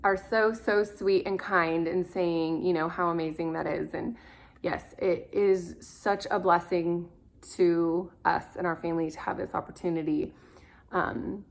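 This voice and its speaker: A woman's voice: fairly low pitch, steady tone, a little slow. A woman in her thirties, an adoptive mother, telling stories in a casual, rambling way with many fillers. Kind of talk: casual storytelling to camera.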